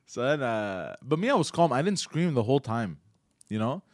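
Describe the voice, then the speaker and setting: Animated man telling a story on a podcast. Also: medium pitch, moderate pace, no room sound, studio quality. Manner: animated storyteller, acting out quotes. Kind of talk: casual comedy chat, storytelling.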